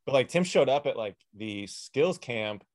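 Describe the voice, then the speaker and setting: Young male podcast host, casual storyteller, laid-back, average pitch. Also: expressive, measured pace, dry recording, clean studio sound. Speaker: podcast host, former player. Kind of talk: casual chat.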